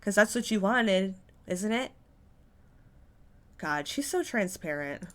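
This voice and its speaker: A woman's voice: mid-range voice, lively intonation, slow pace, a bit bright. A woman hosting a reaction commentary, sounding exasperated and sarcastic, with casual swearing. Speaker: commentary channel host.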